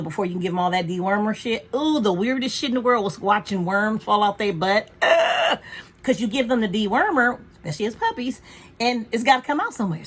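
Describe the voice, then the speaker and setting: A woman's voice: mid-range voice, a bit bright, slightly rough. A woman vlogging from home in a frank, profane, chatty way about caring for her dog. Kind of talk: casual rambling chat.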